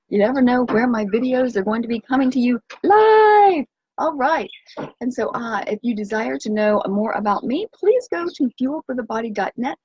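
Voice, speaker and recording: An exuberant woman hosts a live stream outdoors by the sea, her voice fairly high with a breathy, husky edge. She talks in a sing-song way and bursts into chants and cheers. The sound is dry and a little dull. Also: darkish tone, no room sound. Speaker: organic nutrition coach and live-stream host. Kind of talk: upbeat live-stream chat. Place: outdoors by the sea on a windy day.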